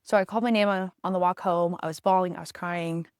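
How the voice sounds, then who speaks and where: Young woman podcasting, low voice w/ lots of vocal fry, heartfelt and earnest, dry close sound. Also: steady tone, fast talker, dry recording. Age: young adult. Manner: heartfelt, earnest, emotional storytelling. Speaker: podcast host, veterinary student. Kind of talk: casual solo podcast talk.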